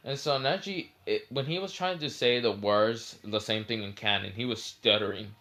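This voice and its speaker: A man's voice: medium pitch, a bit bright. Rambling young man telling a fan story. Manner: rambling, full of fillers and self-corrections. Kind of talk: casual fan-story retelling.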